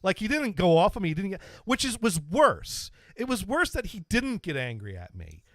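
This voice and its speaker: A man's voice: sits high, very animated, moderate pace, a bit bright, no room sound. A man hosting a podcast, casually telling a long self-deprecating anecdote with frequent stops and restarts. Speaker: podcast host. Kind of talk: casual storytelling.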